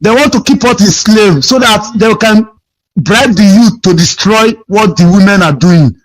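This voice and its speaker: A man's voice: high-pitched, animated, moderate pace. A Nigerian man calling in to a radio show, complaining in an aggrieved, repetitive, pleading way over a phone line. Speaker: caller.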